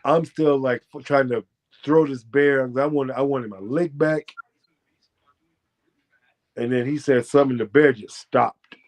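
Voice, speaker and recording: An American man, a former fighter, telling a profane, boastful story as a guest and breaking into loud shouted quotes. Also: mid-range voice, unhurried, pauses often. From United States. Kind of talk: animated storytelling.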